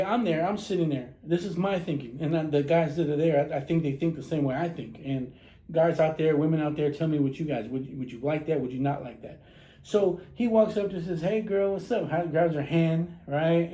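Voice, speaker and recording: A man's voice: a little high, dark tone. A man talking casually to his viewers in a blunt, profane, opinionated rant, acting out the lines he quotes. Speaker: social media vlogger. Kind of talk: casual ranting monologue to camera. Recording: echoey room.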